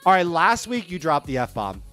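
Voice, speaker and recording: Brief: excitable male streamer, slightly high, lively delivery, faint music behind. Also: normal speed. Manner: excitable, stammering restarts. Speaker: live streamer. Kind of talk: casual live stream chat.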